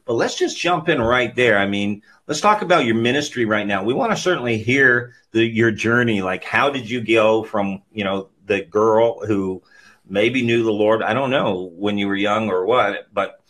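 A man's voice: lowish voice, lively intonation, normal speed, fairly bright tone. A man hosting an interview, asking loose, rambling questions in a casual, conversational way. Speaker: interview host.

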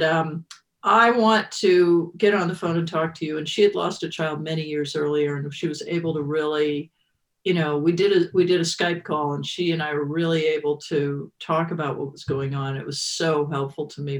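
A woman's voice: low-pitched, flat delivery, moderate pace. Woman, 50s, interview guest, emotional, reflective, rambling restarts. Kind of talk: personal storytelling in conversation.

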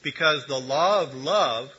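A man's voice: a little high, a little slow, sharp tone, breathy edge. An older man giving a conversational sermon, teaching with humor and asides. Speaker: preacher. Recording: dull lo-fi recording.

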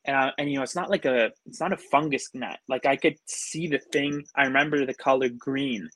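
A man's voice: mid-range voice, fairly quick, a bit bright, dry recording. A man telling a story as a podcast guest in a casual way, rambling and full of fillers. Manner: rambling, filler-heavy with many likes.

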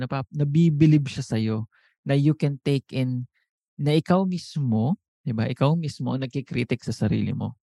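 A Filipino-accented man talks through business tips on his podcast, mid-pitched and lively, switching into little acted exchanges to show how a chat should go. The recording is dry and close, with no room sound around him. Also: no room sound. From Philippines. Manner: animated, acts out both sides of sample conversations. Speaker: podcast host and business coach. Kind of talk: casual coaching talk in Taglish.

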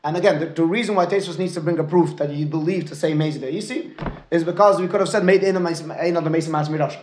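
Fast-talking man teaching Talmud. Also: a little high, darkish tone, reverberant, a little hiss or hum. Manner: keeps checking in with "right?"; mixes Aramaic and Hebrew terms into English. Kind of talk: lecture with student questions.

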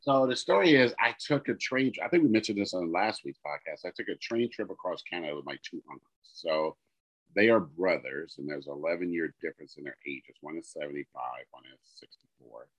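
A middle-aged man co-hosting a podcast, telling a long story in casual chat and getting animated and exasperated as he quotes the people in it. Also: deep voice, fairly quick. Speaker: podcast co-host. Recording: dull lo-fi podcast audio.

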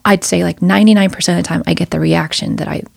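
A woman talking as a guest in a casual chat, telling animated stories from her job as a flight attendant. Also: on the low side, quick pace, vocal fry, no room sound, clean studio sound. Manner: animated, acts out voices in her anecdotes.

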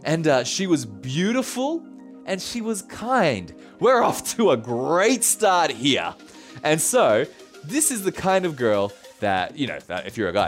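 A male pastor preaching in a relaxed, conversational way and laughing often. His voice sits a little high and swings widely in pitch, with soft music faint in the background. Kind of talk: sermon.

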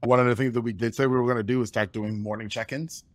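A man's voice: mid-range voice, fairly even intonation, fast, no room sound. A man hosting a casual interview, who agrees often and reflects back on what the guest says. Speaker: host.

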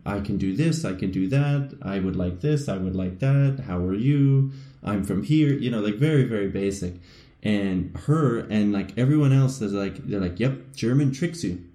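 A man's voice: fairly low pitch, lively intonation, normal speed, warm tone, echoey room. A man co-hosting a casual podcast, rambling and self-mocking, laughing often. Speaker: podcast co-host.

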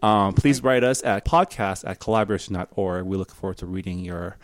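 A man's voice: deep voice, a little fast. A man co-hosting a casual podcast, joking around and reading out announcements. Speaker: podcast co-host.

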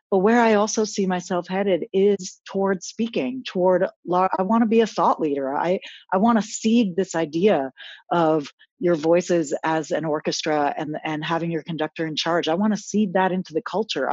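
Woman guest, coach type, earnest, restarts a lot; low-ish voice, dry dull recording. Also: darkish tone, no room sound. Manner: earnest, reflective, frequent restarts. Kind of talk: casual interview chat.

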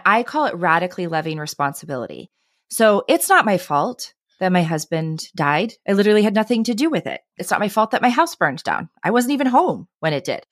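A woman's voice: mid-range voice, dry recording, studio quality. A woman in her thirties, a podcast guest, telling personal stories earnestly and with animation, often adding "right?" and "I mean". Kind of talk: conversational interview.

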